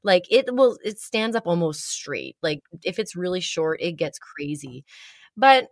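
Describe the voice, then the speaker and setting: A woman, likely in her thirties, casually telling a personal story with animated delivery and dramatic pauses. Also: no room sound, studio quality. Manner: animated, dramatic pauses, rising pitch when excited.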